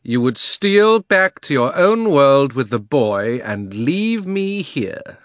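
A man voicing a haughty, furious witch queen who shouts threats. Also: medium pitch, very animated, slow, no echo, studio quality, pitched above the performer's own voice. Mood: scornful. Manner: commanding, threatening.

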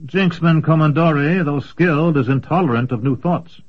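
A man voicing an earnest young male apprentice sorcerer, speaking higher and more hesitantly than in his narration. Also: normal speed, husky. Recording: dull lo-fi recording.

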